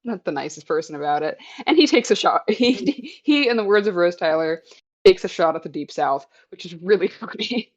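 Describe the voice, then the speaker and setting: A woman's voice: lowish voice, moderate pace, highs cut off. A woman co-hosting a podcast in casual chat, retelling scenes with laughter. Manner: laughing, animated retelling with quoted lines. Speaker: podcast co-host who knows the series.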